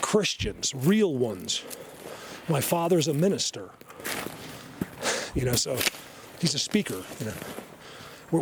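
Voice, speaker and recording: A man vlogging casually while walking through a snowy forest, rambling and excitable, often laughing and dropping to a hushed voice. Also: a little high, background noise. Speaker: vlogger, Bigfoot researcher. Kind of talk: casual hiking vlog.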